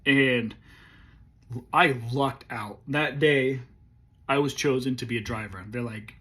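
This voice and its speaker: A man in his forties, an army veteran, telling a story in a casual, laid-back way, swearing freely and often clearing his throat. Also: mid-range voice, takes it slowly, long pauses, a bit bright.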